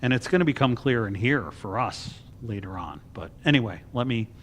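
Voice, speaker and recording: A man's voice: medium pitch, expressive, fairly quick, fairly bright tone, a little hiss or hum. A man serving as a deacon, teaching a Bible class in a chatty, joking way with everyday asides. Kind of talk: casual Bible study teaching.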